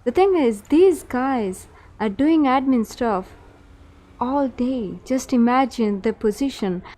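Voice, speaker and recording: A woman's voice: a little high, slow pace. A woman game server admin in casual voice chat, questioning players and insisting on being heard. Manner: questioning, insistent, tries to calm things.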